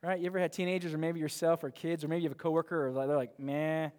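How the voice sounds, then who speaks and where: A man's voice: a little high, steady tone, very fast, darkish tone. A man preaching a sermon in a church, talking conversationally with many restarts and acting out bored voices. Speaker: pastor. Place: church sanctuary. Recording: long hall reverb.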